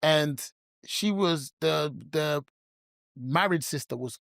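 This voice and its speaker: A man's voice: on the high side, takes it slowly, creaky, no echo, clean studio sound. A man, co-hosting a podcast, telling stories casually with lots of slang and laughter. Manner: animated, laughs often, heavy slang. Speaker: podcast co-host. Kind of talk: casual storytelling chat.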